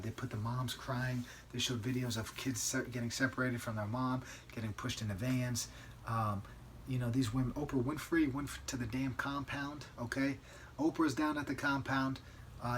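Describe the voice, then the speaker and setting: A man hosting a solo podcast, telling a story in a conversational, emphatic way and often tagging a quick "right?" onto his sentences. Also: medium pitch, slight background noise. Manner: conversational, keeps asking "right?"; emphatic, outraged. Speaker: podcast host.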